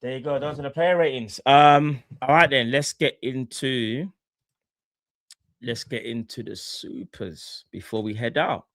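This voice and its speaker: Young guy on a fan stream, slangy, shouting out chat, dry close mic. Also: mid-range voice, measured pace, no echo. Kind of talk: casual live stream chat.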